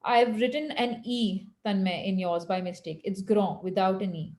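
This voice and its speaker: A woman teaching French on a video call, patiently correcting students and slowing down to model phrases. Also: medium pitch, animated, dark tone, reverberant, poor audio. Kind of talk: online language lesson.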